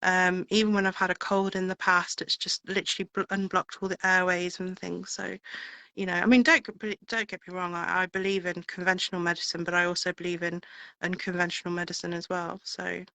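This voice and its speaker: A woman's voice: on the low side, little pitch movement, a little fast, gravelly, bright, forceful tone, no echo, low-quality recording. A woman singer being interviewed, chatting in a rambling way with plenty of fillers. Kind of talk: casual interview chat.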